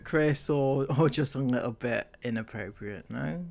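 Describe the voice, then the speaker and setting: A man's voice: mid-range voice, measured pace, gravelly, hardly any pauses. A man hosting a commentary channel, reacting in a sarcastic, incredulous way.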